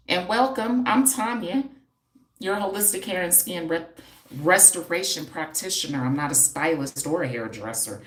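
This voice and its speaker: A woman's voice: lowish voice, lively intonation, normal speed, roomy sound. A woman in the style, a holistic hair practitioner hosting a live stream, talking back to viewer comments with sassy, confrontational banter and rhetorical questions. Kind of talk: livestream chat answering viewer comments.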